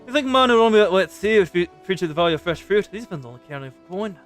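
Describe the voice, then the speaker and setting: Streamer doing a gruff fruit hawker. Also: medium pitch, animated, fast, faint music behind, lightly acted. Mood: hawking.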